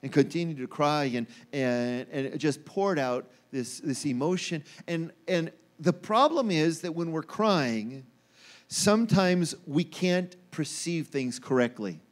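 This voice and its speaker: High-voiced animated male preacher. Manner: animated, acts out quoted voices with rising pitch. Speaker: pastor. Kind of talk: sermon. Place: church.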